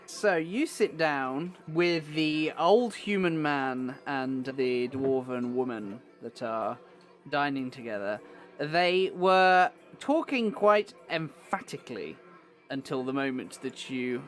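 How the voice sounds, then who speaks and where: A man narrating as game master, describing scenes and non-player characters in a measured way. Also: medium pitch, fairly bright tone, soft background music.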